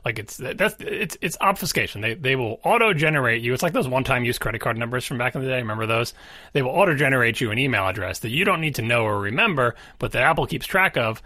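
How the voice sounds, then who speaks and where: A man co-hosting a podcast, talking casually about tech, emphatic, with his pitch jumping up on stressed words. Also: lively intonation, quick pace, bright, forceful tone, dry recording, studio quality. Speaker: podcast co-host.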